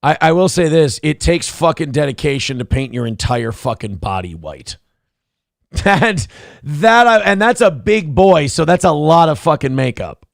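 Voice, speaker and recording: A man's voice: fairly high pitch, sing-song, normal speed, creaky. A man hosting a morning talk show, riffing in a profane, sarcastic, rambling way. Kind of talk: casual comedic commentary.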